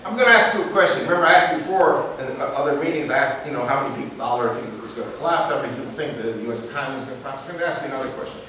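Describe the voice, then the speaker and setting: A man speaking to a live audience in a preaching style, asking them questions and telling stories with lively emphasis. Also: medium pitch. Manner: animated, asks the audience questions and tells stories. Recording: echoey room picked up from a distance with hiss.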